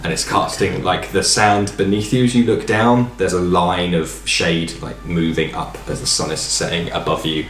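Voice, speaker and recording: A man narrating a tabletop game as dungeon master, in a relaxed, rambling way with fillers. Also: low-pitched, moderate pace, few pauses, roomy sound, soft background music.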